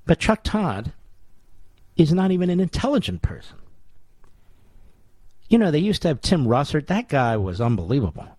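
A man's voice: sing-song, moderate pace, long pauses, breathy edge, no room sound. Sarcastic male talk radio host. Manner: combative, sarcastic, mocking rhetorical questions; voice climbs high and loud in indignation.

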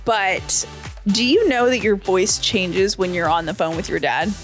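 A woman co-hosting a casual podcast, teasing and animated, with many fillers. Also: medium pitch, a little slow, soft background music. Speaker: podcast co-host. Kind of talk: casual chat.

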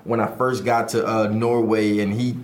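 A man being interviewed at a premiere, telling a story in an animated, excited way and laughing easily. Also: lowish voice, moderate pace, a little hiss or hum. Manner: animated, laughs while telling, fond of acting out others. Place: outdoor red carpet event.

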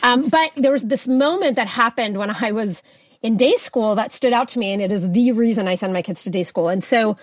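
A woman's voice: fairly high pitch, brisk, no room sound. A woman who grew up in Russia, talking as a podcast guest in a reflective, easygoing way that often breaks into laughter. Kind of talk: conversational podcast interview.

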